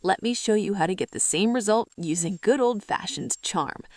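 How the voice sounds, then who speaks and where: A woman voicing a sly old male farmer who speaks in a wry, unhurried way. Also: medium pitch, lively intonation, dry recording, lightly acted.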